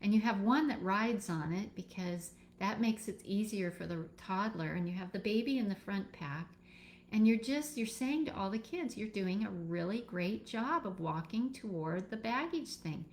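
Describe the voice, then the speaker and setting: Calm woman coaching step by step. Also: medium pitch, slight background noise. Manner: calm, instructive, guiding step by step with pauses. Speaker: birth educator. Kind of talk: live teaching session.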